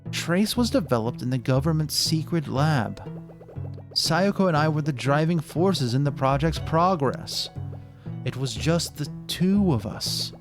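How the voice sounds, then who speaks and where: Casting: streamer voicing a cold, calm scientist villain for a mystery game; slow, unhurried lines. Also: male voice, a little high, over music. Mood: cold confession. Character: older male scientist, calm cold killer.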